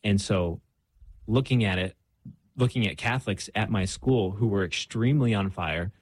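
A man's voice: on the low side, normal speed, breathy edge, dry recording. A young man telling his own faith story in a candid, self-deprecating way, full of fillers and restarts. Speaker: guest. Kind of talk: casual faith conversation.

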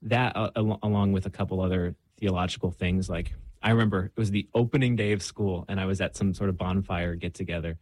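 A man's voice: low-pitched, fairly even intonation, fast, hardly any pauses, a little mellow, no room sound. A young man telling his own faith story in a candid, self-deprecating way, full of fillers and restarts. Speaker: guest. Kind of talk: casual faith conversation.

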